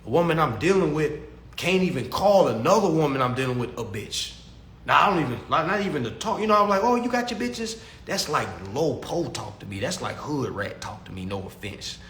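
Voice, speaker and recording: A man's voice: medium pitch, lively intonation, a little fast, a bit bright, reverberant, a little hiss or hum. A man preaching to his livestream audience in a casual, slangy monologue, emphatic and given to repeating himself. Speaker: livestream host answering chat.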